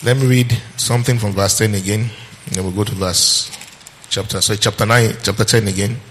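A male preacher delivering a sermon, reading scripture and quizzing his listeners, repeating phrases for emphasis and slowing down on key verses. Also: fairly low pitch, fairly even intonation, fairly bright tone, a little hiss or hum.

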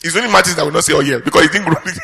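A man's voice: high voice, huge pitch swings, rapid-fire, creaky, pushed and bright. A man preaching a sermon as pastor, teaching earnestly and putting questions to the congregation.

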